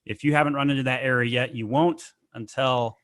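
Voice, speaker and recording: Man podcast host, mid pitch, dry close mic, casual and direct. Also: steady tone, a bit bright, no room sound. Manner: conversational, clears throat, quick asides.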